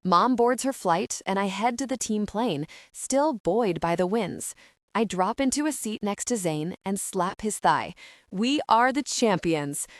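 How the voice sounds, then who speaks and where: Woman audiobook narrator: animated first-person telling, dry studio sound. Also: mid-range voice, unhurried, dry recording.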